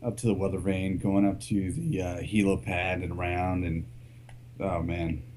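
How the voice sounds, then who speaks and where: A man's voice: low voice, little pitch movement, normal speed, a crowd in the background. A man joking and teasing in casual podcast chat.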